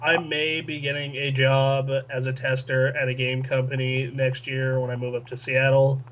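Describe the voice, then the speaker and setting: A man's voice: mid-range voice, monotone, moderate pace, fairly bright tone, a little hiss or hum, low-quality recording. A young man co-hosting a casual gaming podcast, rambling with lots of fillers and restarts. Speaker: podcast co-host reading listener questions. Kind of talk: casual chat.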